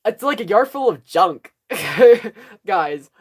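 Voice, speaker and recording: A woman's voice: mid-range voice, animated, takes it slowly, breathy edge. A woman hosting a casual fan livestream, rambling and giggling often with frequent laughs and an occasional cough. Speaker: livestream host.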